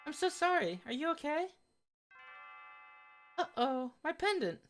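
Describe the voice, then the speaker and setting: A woman reading lines as a friendly, eager young woman at a fair, talking in a sweet, girlish way that sits noticeably higher than her own voice. Her pitch swoops around brightly. Faint game music plays behind her. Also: sing-song, measured pace. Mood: worried. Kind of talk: reading game dialogue aloud.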